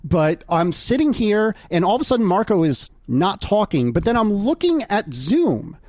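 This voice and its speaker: A man's voice: high-pitched, big pitch swings, normal speed, a little mellow, no room sound. A man co-hosting a casual podcast, flustered and apologetic, swearing often as he talks. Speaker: podcast co-host.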